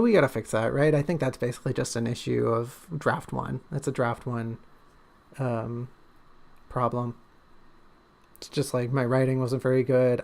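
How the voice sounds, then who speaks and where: A man with a gravelly, slightly creaky voice talks casually on a livestream. He is an author who rambles, jokes and pokes fun at himself as he goes, his pitch sitting in an ordinary middle range. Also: darkish tone. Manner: rambling, joking, self-deprecating. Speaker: author and streamer.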